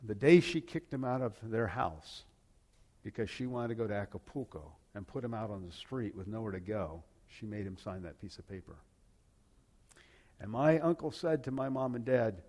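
An older man earnestly retelling a painful family story, halting and repeating words as he goes. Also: fairly low pitch, lively intonation, darkish tone. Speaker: personal testimony speaker. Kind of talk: personal storytelling.

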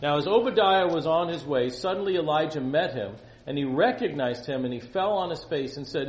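Man, Bible teacher, animated storyteller, slightly high voice, roomy echo. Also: fairly quick, hardly any pauses. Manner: animated storytelling, rhetorical questions. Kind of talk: teaching a Bible lesson to young students. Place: room with students.

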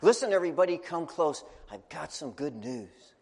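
A man doing an excited poor farmer dad. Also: high voice, normal speed, big-room sound, pitched above the performer's own voice. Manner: eager, boastful, exclaiming. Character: poor excited farmer father, middle-aged.

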